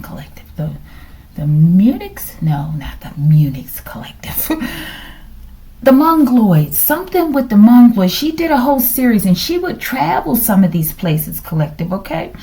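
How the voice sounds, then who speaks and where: Middle-aged woman tarot reader with a high, mellow voice who muses and questions aloud. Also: gravelly. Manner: musing aloud, asks questions, drops into whispers. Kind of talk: casual tarot reading to viewers.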